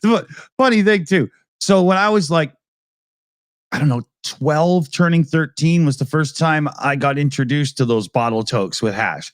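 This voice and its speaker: A man's voice: fairly high pitch, animated, a little slow, dry recording, clean studio sound. A man hosting a casual talk show, telling rambling stories with lots of laughs. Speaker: show host. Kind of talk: casual chat.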